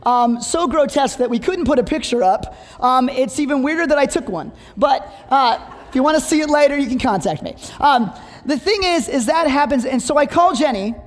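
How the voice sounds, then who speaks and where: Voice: sits high, animated, a little fast. Joking preacher in an echoey hall. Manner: humorous, anecdotal, reads scripture aloud. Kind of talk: sermon. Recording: long hall reverb.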